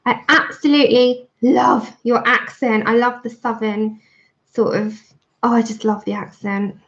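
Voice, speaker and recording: A woman's voice: fairly high pitch, level tone, a little slow. A woman chatting casually to her livestream viewers while she colours, thanking them by name. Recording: dull lo-fi stream audio.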